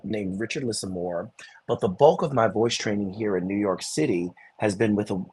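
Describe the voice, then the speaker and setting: A man, a Broadway performer, telling animated stories in an interview, with many restarts. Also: fairly low pitch, breathy edge. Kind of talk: conversational interview.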